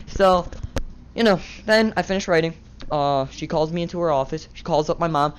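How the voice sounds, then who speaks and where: A man's voice: on the high side, normal speed, heavy background noise. A teenage boy vlogger tells a casual, rambling story, swearing and laughing at himself.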